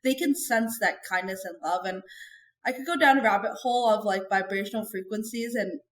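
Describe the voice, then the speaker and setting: A woman's voice: medium pitch, brisk, a bit bright. Chatty woman in an echoey room. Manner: chatty and earnest, heavy use of "like". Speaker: podcast guest. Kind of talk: candid conversational interview.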